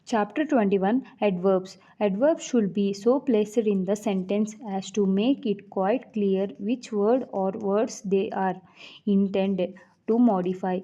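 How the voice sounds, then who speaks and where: A woman reading grammar rules aloud like an audiobook, in a measured way with the odd stumble and restart. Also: medium pitch, warm tone. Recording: dull lo-fi recording.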